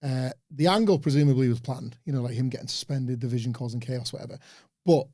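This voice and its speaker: A man co-hosting a podcast, giving relaxed, opinionated analysis of a wrestling show. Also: mid-range voice, fast, no echo, clean studio sound. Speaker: podcast co-host.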